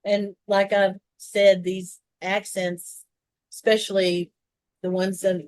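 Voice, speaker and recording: Southern woman co-host, meandering explainer, mid pitch, dry close sound. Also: level tone, takes it slowly, darkish tone, no echo. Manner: rambling, explaining, many restarts and asides. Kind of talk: casual chat.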